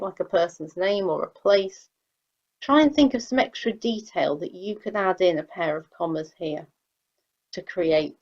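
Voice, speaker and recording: A woman English teacher with a fairly low voice and darkish tone patiently reads example sentences aloud while explaining sentence structure in a recorded lesson. The high frequencies are cut off.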